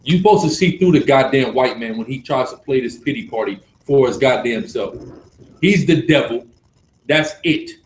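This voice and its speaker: Male teacher preaching emphatically at a live class, mid pitch, roomy echo, light background noise. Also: lively intonation, normal speed. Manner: forceful, emphatic, repeats for stress.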